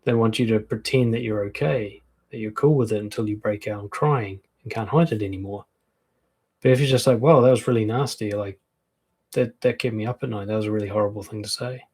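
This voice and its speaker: Husky-voiced man giving frank advice. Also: lowish voice, a little fast, a little mellow. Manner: frank, conversational, acts out quoted comebacks. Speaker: dating and confidence coach. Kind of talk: casual advice talk to camera.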